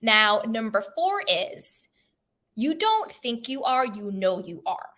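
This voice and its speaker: A woman's voice: fairly high pitch, very animated, slow, bright, forceful tone. A woman self-help coach giving an emphatic, conversational motivational talk straight to camera, repeating her key points.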